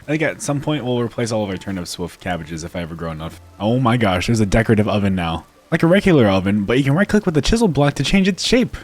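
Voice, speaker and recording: A man's voice: fairly low pitch, lively intonation, quick pace, soft background music. Playful man narrating his game build. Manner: playful, self-mocking, giggly asides. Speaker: gaming video creator. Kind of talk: casual game commentary.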